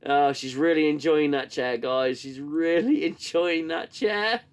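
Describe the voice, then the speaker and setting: Coughing sarcastic man reviewing. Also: on the high side. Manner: sarcastic, swears, reads chat and mocks scenes. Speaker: host reviewing a TV show. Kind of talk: casual live-stream commentary.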